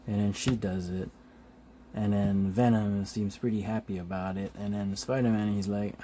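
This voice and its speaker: A man hosting a comic book video flips casually through an issue on camera, his voice on the low side with a little hiss or hum. He chuckles a lot, fills pauses with "uh," swears loosely, and acts out quick lines from the characters.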